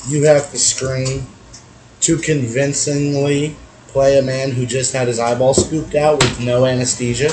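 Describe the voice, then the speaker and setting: A hoarse man co-hosting a casual chat, laid-back with dry asides. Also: mid-range voice, flat delivery, unhurried, noisy background. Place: room with echo.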